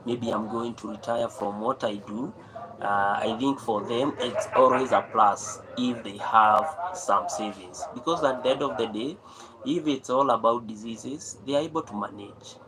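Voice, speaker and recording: A man's voice: medium pitch, unhurried, a crowd in the background, rough recording. A man hosting a live stream, talking off the cuff in a rambling way, full of fillers and repeated phrases. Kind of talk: unscripted talk on saving.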